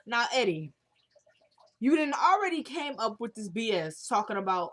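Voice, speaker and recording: A woman's voice: fairly high pitch, animated, normal speed. A woman casually recapping a TV drama episode, chatting and acting out the characters' lines as she retells them.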